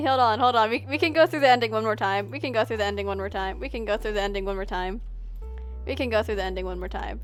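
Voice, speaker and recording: Fast, giggly woman streamer reading a game. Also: on the high side, steady tone, soft background music. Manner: giggly, speed-reading, chatty asides. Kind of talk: reading a visual novel aloud on stream.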